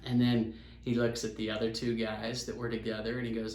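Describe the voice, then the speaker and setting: A young man from Utah, hosting a podcast and telling a story in a casual, animated way, acting out the quotes. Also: lowish voice, fairly quick. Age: young adult. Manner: animated, chatty, acts out quotes. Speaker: podcast host. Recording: roomy echo.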